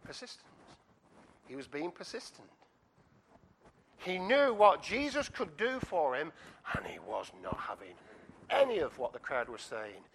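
A man preaches with lively storytelling and quick asides to his listeners. His voice is fairly high and bright, and it rises and falls widely. A faint hum of the room sits behind him. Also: creaky. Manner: animated storytelling, acting out scenes, asides to the congregation. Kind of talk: sermon.

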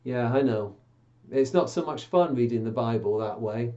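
A children's church presenter reading a Bible passage and then chatting playfully with puppets, coaxing and gently scolding them. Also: mid-range voice, moderate pace, muffled recording.

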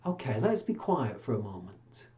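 A children's church presenter reading a Bible passage and then chatting playfully with puppets, coaxing and gently scolding them. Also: mid-range voice, big pitch swings, moderate pace, dull audio.

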